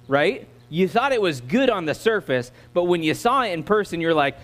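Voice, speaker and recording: A man's voice: high voice, very animated, moderate pace. An American man preaching a sermon as a guest preacher. He talks in a conversational, joking way and draws the congregation in. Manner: conversational, joking, audience-engaging. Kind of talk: sermon with opening prayer.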